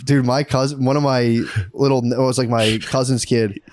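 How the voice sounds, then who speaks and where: A man's voice: mid-range voice, steady tone, moderate pace, darkish tone, dry recording, studio quality. A man in his thirties co-hosting a comedy podcast, telling crude stories with lots of laughter and put-on quoted voices. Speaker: podcast co-host. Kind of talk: casual comedy chat.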